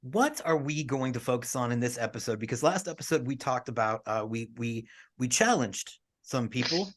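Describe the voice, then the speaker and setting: A man's voice: medium pitch, lively intonation, normal speed. Man co-hosting a casual podcast. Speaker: podcast co-host.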